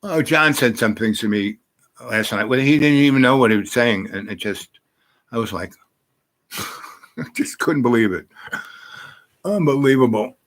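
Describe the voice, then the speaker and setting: A man's voice: mid-range voice, unhurried, long pauses, a bit bright. An older man telling meandering personal stories in a casual, profane way, full of fillers and restarts. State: achy and groaning from sitting too long. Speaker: storyteller. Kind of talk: rambling personal storytelling.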